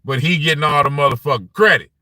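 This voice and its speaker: Animated profane man hosting sports stream. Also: on the high side, quick pace, dry recording. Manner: animated, profane, frequent "you know what I'm saying". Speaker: sports show host reading live chat. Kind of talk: casual live-stream sports talk.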